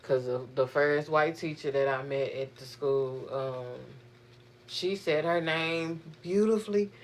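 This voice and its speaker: A young woman vlogging, venting in a profane, animated, exasperated way. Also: low voice, measured pace, slight background noise. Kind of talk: casual venting monologue.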